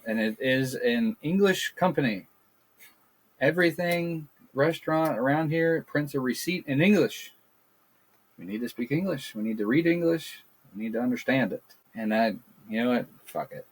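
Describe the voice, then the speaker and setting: Blunt ranting husky man. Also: medium pitch, animated, moderate pace. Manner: blunt, ranting, swears freely. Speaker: podcast co-host. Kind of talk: casual podcast chat. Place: backyard. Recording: poor audio.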